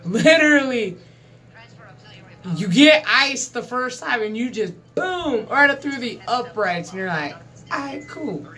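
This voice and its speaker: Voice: medium pitch, expressive, a little slow, pushed and bright. A channel host in a casual, rambling sports chat to camera, swearing freely and chuckling often.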